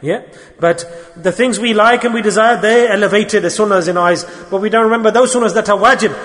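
Man, high-pitched, sermon, rhetorical questions, long hall echo. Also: quick pace, a bit bright. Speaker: speaker at a religious gathering.

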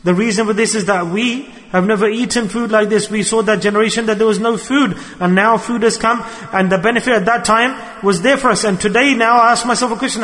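High-pitched preacher in a reverberant hall. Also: male voice, brisk, hardly any pauses. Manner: earnest, animated, acts out quoted voices. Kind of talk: sermon.

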